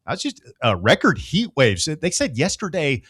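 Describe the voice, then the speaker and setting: A man's voice: fairly high pitch, wildly swooping pitch, normal speed, fairly bright tone, slightly rough, no room sound, clean studio sound. A man hosting a sports radio show, upbeat and joking with his guest. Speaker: radio host.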